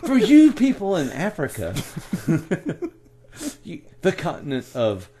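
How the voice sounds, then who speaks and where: A man's voice: a little high, wildly swooping pitch, background noise. A man from the United States co-hosting a casual podcast, joking around and laughing often. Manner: jokey, laughs often, quick asides. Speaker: podcast co-host. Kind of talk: casual chat.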